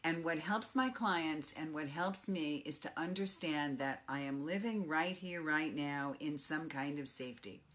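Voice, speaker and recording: A woman's voice: sits low, unhurried, hardly any pauses, a bit bright. A middle-aged woman with a New York accent, a life coach giving a direct, emphatic motivational talk. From Bronx, New York. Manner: emphatic and direct, punches key phrases. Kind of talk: motivational monologue.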